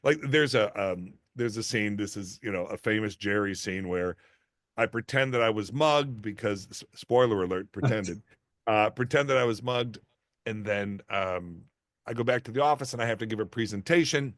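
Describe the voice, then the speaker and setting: A man's voice: moderate pace, no echo, clean studio sound. A middle-aged man, an actor as interview guest, telling stories in casual chat and acting out the people he quotes. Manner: animated, acts out quoted voices with big pitch jumps.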